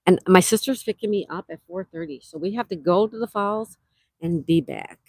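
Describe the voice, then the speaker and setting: A fairly low, slightly mellow female voice speaks at a normal pace on a dry recording. She is a Western New York woman casually livestreaming from a campsite cabin, reading viewer comments aloud and welcoming people by name.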